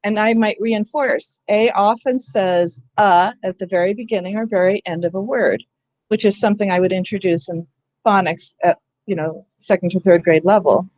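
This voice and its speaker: A woman's voice: mid-range voice, fairly even intonation, moderate pace, darkish tone, no room sound. A woman leading an online training session for teachers, explaining step by step and checking that her listeners follow. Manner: explanatory, asks "That makes sense?".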